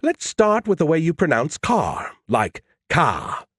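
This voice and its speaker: A man's voice: on the high side, very animated, moderate pace, dry recording, studio quality, pitched above the performer's own voice. A man voicing a smug, sarcastic male AI who talks down to people and teases them. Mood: mocking. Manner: condescending, teasing.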